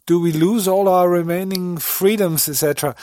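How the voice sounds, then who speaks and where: A man hosts a live-streamed interview, asking questions in a relaxed conversational way and passing on comments from the chat. His voice sits slightly high, and the recording is dry and close. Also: normal speed, no room sound. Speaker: interview host.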